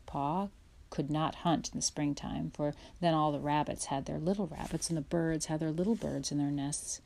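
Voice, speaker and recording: A woman narrating a children's chapter book aloud in a gentle, unhurried way. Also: low-pitched, fairly even intonation, gravelly. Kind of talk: storybook read-aloud.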